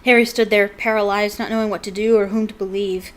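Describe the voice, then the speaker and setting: A woman host reads a novel aloud with an expressive, storytelling delivery. Between passages she breaks off into casual, playful comments. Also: mid-range voice, quick pace. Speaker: book reader and channel host.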